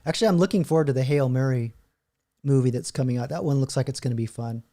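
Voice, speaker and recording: A man's voice: mid-range voice, fast, mellow. A middle-aged man hosting a casual reaction video, chuckling often as he reads chatbot answers aloud. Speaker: channel host.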